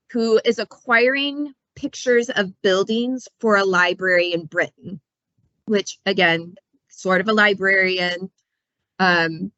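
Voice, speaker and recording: A woman's voice: medium pitch, a bit bright, no echo, dull audio. A woman librarian chatting casually about books, telling stories in a playful way with asides. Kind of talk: casual book talk.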